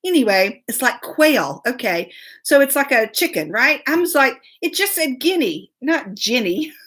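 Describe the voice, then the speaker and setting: A woman hosts a live stream, telling a long story in a chatty, laughing way and greeting commenters along the way. Her voice is fairly high and fairly bright, with lively intonation at a moderate pace.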